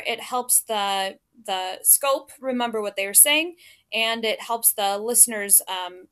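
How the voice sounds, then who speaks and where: A woman's voice: fairly high pitch, a bit bright. Woman teaching with patient step-by-step explanations. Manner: explains step by step, frequent ums and restarts. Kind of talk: recorded classroom lecture.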